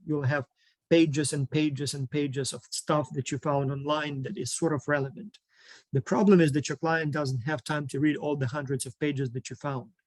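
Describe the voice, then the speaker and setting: A man's voice: on the high side, a little mellow, no echo. A man explaining a student project program in an online session, informal, with many fillers, listing items one by one.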